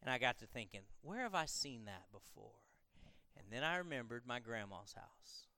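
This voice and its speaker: A man's voice: medium pitch, big pitch swings, normal speed, pushed and bright, dry recording, in a large hall. A man preaching a conversational sermon to a congregation, moving from casual asides to emphatic, repeated lines. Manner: conversational, building to emphatic repetition. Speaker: pastor.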